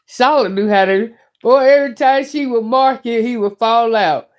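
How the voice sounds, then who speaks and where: A woman's voice: on the high side, normal speed, darkish tone. A middle-aged woman hosting her own YouTube channel, talking in a blunt, profane, rambling way as she rants casually to her viewers. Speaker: YouTube commentary host. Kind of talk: casual rant to camera.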